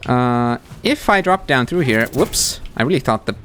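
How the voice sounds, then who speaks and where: Animated man streaming gameplay. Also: medium pitch, normal speed, a little hiss or hum. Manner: animated, talks to the game characters. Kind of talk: live gameplay commentary.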